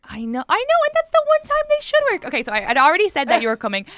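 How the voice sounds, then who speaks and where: A woman's voice: high voice, wildly swooping pitch, racing, a bit bright. A young Irish woman hosting a podcast, telling stories in a chatty way and laughing often. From Ireland. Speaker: podcast host. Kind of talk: casual chat.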